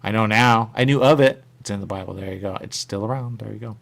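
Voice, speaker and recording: A man's voice: on the low side, fast, gravelly. A male radio show host chatting casually and rambling, repeating his catchphrases. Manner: repetitive, animated, catchphrase-heavy. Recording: radio studio mic.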